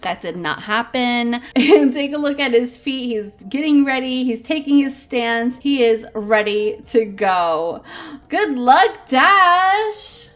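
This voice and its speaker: A woman's voice: sits high, expressive, slow. A woman hosting a casual toy unboxing, gushing and giggling over each cute figure.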